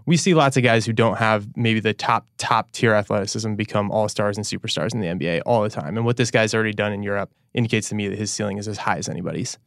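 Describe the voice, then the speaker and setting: Quick, confident man, lowish voice. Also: creaky, fairly bright tone, no echo, studio quality. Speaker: podcast guest. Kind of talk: casual sports podcast chat.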